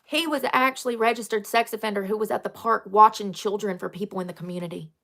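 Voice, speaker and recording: A woman hosting a casual livestream, talking bluntly and telling stories with animated energy and frequent laughter. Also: mid-range voice, fast. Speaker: livestream host.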